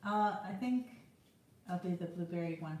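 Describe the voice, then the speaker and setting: A middle-aged woman hosting a relaxed tasting chat, chatty and often laughing. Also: lowish voice, normal speed. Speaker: author hosting a release celebration. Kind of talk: casual chat during a tasting. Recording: very echoey room.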